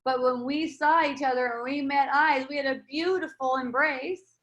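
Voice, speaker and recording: A woman leading a casual spiritual dialogue, speaking gently and reassuringly with many restarts. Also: high voice, steady tone, moderate pace. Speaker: spiritual teacher.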